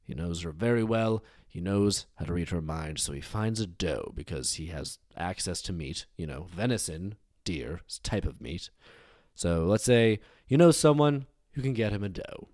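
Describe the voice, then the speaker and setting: A man hosting a storytelling show, narrating a dark tale casually with wry, digressive asides. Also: low-pitched, expressive, normal speed, dry recording, studio quality. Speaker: storyteller host.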